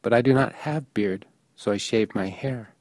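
A man voicing a polite, earnest young man of nineteen with a soft, calm voice. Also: fairly low pitch, normal speed, no room sound, studio quality, close to an everyday voice.

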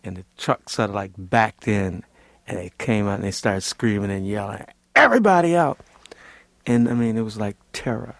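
A man's voice: lowish voice, little pitch movement, normal speed, dry recording. A man from Louisiana, a Vietnam veteran, telling his story in a rambling, vivid way that is full of "like" and "you know". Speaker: Vietnam veteran, former Marine. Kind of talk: casual storytelling interview.

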